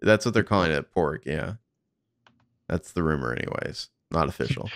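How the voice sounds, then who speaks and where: Deep gravelly man chatting casually. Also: lively intonation, normal speed, no echo, studio quality. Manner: casual, swearing, thinking aloud with fillers. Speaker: podcast co-host. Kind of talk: casual film commentary.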